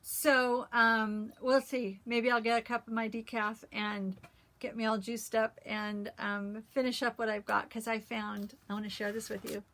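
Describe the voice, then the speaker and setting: Woman vlogger, higher-pitched voice, earnest, chatty, pausing often between thoughts. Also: flat delivery, a bit bright. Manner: earnest, heartfelt, many "um" pauses. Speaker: cross-stitch vlogger. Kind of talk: casual talk with scripture reading.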